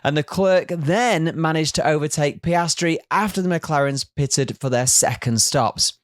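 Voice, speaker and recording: A man's voice: on the high side, a little slow, dry recording, studio quality. A man presenting a scripted race recap, with jokey teasing asides.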